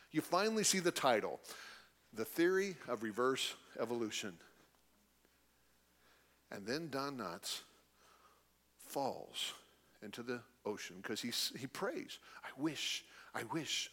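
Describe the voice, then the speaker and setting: A middle-aged man tells a story to a live audience. His pitch sits in a middling range but roams animatedly, and he slips into quoted voices as he goes. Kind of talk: storytelling talk.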